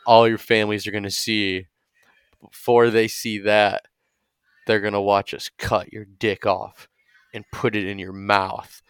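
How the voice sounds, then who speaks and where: A man voicing a cruel, menacing male prison guard who speaks slowly and threateningly. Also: lowish voice, little pitch movement, smooth, no room sound, studio quality, close to an everyday voice. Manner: slow, menacing.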